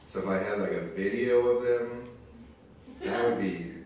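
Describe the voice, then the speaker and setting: A man's voice: fairly low pitch, unhurried, darkish tone, slight background noise. A man in his twenties doing a stand-up set on a live stage, telling crude stories in a loose, conversational way. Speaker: stand-up comedian. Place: live stage in a community arts venue. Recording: very echoey room recorded from far off. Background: crowd ambience.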